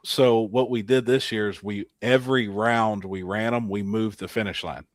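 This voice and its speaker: A man hosting a casual podcast, telling racing-weekend stories with lively acted-out quotes and frequent laughter. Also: on the low side, normal speed, no echo. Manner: animated storyteller, laughs often, acts out quotes. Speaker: podcast host. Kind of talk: casual storytelling chat.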